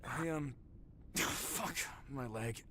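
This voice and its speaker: A man's voice: medium pitch, very slow, pushed and bright, a little hiss or hum. An actor playing a grumpy injured man lost in the woods, talking tersely and swearing under strain in a video game. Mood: shaken.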